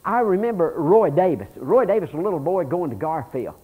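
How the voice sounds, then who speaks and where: Male pastor, high voice with a very lively pitch, animated sermon full of folksy stories. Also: fairly quick, breathy edge, narrow, tinny audio, soft background music. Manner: animated preaching with folksy stories and read-aloud scripture.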